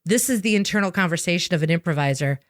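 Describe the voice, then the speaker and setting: A woman's voice: fairly low pitch, lively intonation, quick pace, dry recording, clean studio sound. A woman, a sales trainer with an improv background, explaining with energy and emphasis, often tagging a questioning "right?" onto her points. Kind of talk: conversational podcast explanation.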